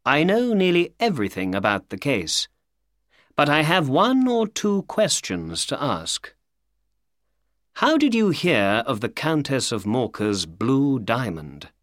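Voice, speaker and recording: A self-assured detective explains a crime slowly and deliberately, as a male audiobook reader puts him on. His pitch stays lively while the pace stays unhurried. The recording is dry and close. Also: no room sound. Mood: knowing. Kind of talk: audiobook character voice.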